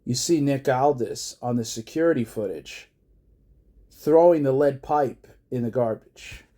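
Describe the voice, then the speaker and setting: A man casually narrating a wrestling storyline idea in a low-key, unhurried way. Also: mellow. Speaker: fan pitching a wrestling storyline.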